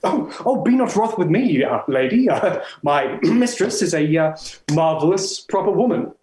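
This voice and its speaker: An actor playing a playful male poet who savours phrases, with lively, stammering Elizabethan stage delivery. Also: on the high side, normal speed, echoey room.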